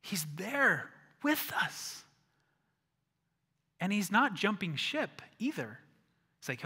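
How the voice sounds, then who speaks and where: A male pastor preaching a sermon, telling the story with animated acted-out voices and dropping to a hushed voice for emphasis. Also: sits high, slow, pauses often, slightly rough. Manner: animated storytelling, acts out disciples, drops to a hush for emphasis. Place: church sanctuary. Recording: church hall reverb.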